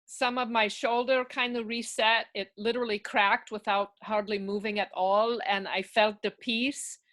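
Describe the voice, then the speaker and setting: A woman volunteer on a video call, speaking softly, moved and grateful. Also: a little high, steady tone, moderate pace. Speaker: healing volunteer.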